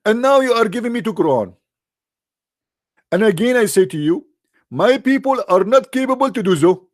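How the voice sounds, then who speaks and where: A man's voice: high-pitched, pitched above the performer's own voice. A man voicing an exasperated, pleading middle-aged man in a raised, mocking tone.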